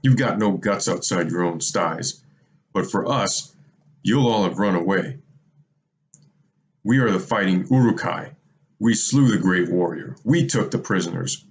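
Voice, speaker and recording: Man doing a growling orc captain, deep, blunt, commanding.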